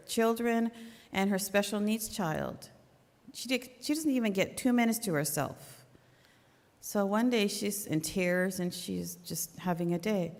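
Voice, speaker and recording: A middle-aged woman speaks earnestly and conversationally, sharing a personal faith talk at a church memorial service. Her voice sits at an ordinary pitch for a woman. It carries a long reverberant tail from the hall. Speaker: church member giving a talk.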